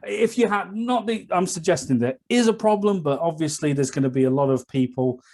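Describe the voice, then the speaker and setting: A man's voice: fairly high pitch, expressive, a little fast, a little mellow. A man co-hosting a casual podcast chat about martial arts, teasing his partner and rambling with many fillers. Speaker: podcast co-host.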